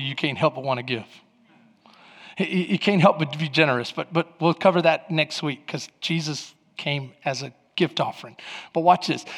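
A man preaching a sermon as pastor in a church sanctuary, animated and conversational, building up to loud passages. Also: fairly high pitch. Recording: long reverb in a large hall.

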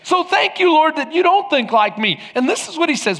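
A man with a very high voice delivers a sermon from the pulpit. He pushes the congregation with question after question. His voice carries a long reverb from the church hall. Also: sing-song, fairly quick, gravelly, few pauses, a bit bright. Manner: preaching with rhetorical questions to the congregation. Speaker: pastor. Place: church sanctuary.

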